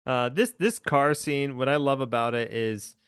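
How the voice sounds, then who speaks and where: A man's voice: mid-range voice, clean tone, no room sound. Enthusiastic man on a dry mic. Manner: enthusiastic, laughs often, restarts. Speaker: podcast host. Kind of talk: casual movie discussion.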